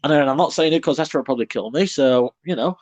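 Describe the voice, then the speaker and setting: Blunt, lively British man chatting. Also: fairly high pitch, fast talker, muffled recording. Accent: British English. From Britain. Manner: blunt, rambling, animated, with British slang. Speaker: podcast co-host. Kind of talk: casual online podcast chat. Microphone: online call.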